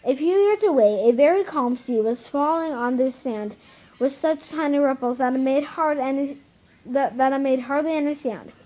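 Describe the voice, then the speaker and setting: A woman reading a children's novel aloud, halting with many stumbles and restarts. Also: high-pitched, mellow, low-quality recording. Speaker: reader.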